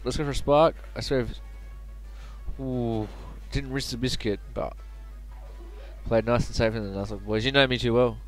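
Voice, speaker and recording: A man's voice: medium pitch, fairly even intonation, moderate pace, pauses often. A chatty man narrating his own game playthrough, joking and muttering asides. Faint music plays underneath. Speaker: let's play host. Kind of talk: casual gaming commentary.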